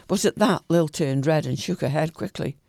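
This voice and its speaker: Gravelly man reading a story aloud. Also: on the high side, moderate pace, no room sound. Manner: calm, even reading with small slips.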